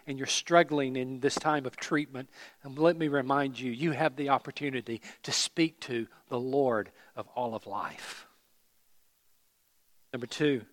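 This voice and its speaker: A man preaching a sermon as pastor, earnest, rising to emphatic peaks and falling to hushed phrase endings. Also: mid-range voice. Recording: hall reverb.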